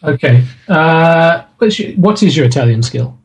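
A man running a tabletop game as game master, halting and hesitant as he narrates. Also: on the high side, expressive, slight background noise, poor audio.

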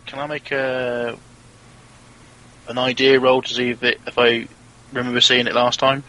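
A man playing a tabletop game, asking questions in a halting way. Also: medium pitch, little pitch movement, pushed and bright, low-quality recording. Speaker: player.

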